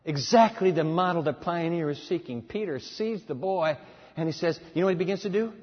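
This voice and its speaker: A man's voice: fairly high pitch, fairly quick, slightly rough. A man preaching a dramatic storytelling sermon that acts out the dialogue, in an echoey hall on a dull lo-fi recording.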